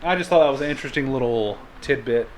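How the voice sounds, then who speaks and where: A man's voice: medium pitch, fast talker, a little hiss or hum. A man hosting a podcast, telling stories in casual chat, joking and laughing often. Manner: storytelling, jokey, laughs often. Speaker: podcast host.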